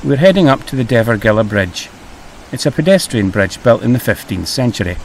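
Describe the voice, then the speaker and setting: A man's voice: mid-range voice, very animated, fairly quick, a little hiss or hum. A middle-aged man hosting a travel vlog, easygoing and a little hesitant, over faint music. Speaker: vlog host.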